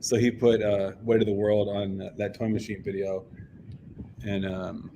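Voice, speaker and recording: A man from the United States, a punk band member, telling a story in a casual interview, animated and full of fillers. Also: on the low side, moderate pace, slight background noise. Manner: animated, acts out quoted voices, filler-heavy.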